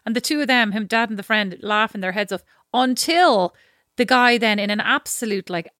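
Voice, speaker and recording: A woman's voice: fairly high pitch, moderate pace, a bit bright, dry recording, clean studio sound. A woman co-hosting a podcast, telling rambling stories in casual chat. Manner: rambling storytelling, chatty. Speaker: podcast co-host.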